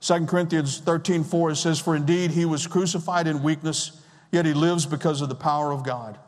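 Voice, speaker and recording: A man's voice: on the high side, fairly even intonation, fairly quick. A man in his sixties preaching a sermon as pastor, emphatic and repeating key phrases. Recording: long reverb of a large hall.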